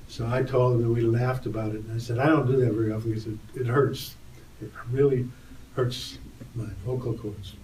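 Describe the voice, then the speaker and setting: An older man, a tour photographer guesting in an interview, tells lively anecdotes and raises his voice when acting out dialogue. His mid-range voice moves at a moderate pace with a little hiss or hum, recorded on a distant mic in a roomy space with faint ambience.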